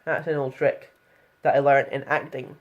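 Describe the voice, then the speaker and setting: A woman's voice: extremely low pitch, steady tone, normal speed, dull audio. Chatty woman vlogger. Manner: chatty and frank, with swearing and frequent fillers. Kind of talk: casual voice tutorial.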